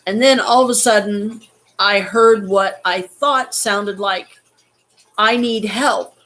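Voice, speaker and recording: Woman vlogger, halting and near tears, swearing as she talks. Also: medium pitch, fairly bright tone. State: holding back tears. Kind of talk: emotional personal story.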